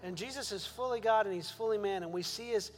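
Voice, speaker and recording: Male pastor, fairly high voice, sermon in a reverberant hall, soft music under it. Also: quick pace. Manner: rising to emphatic questions, then soft prayer.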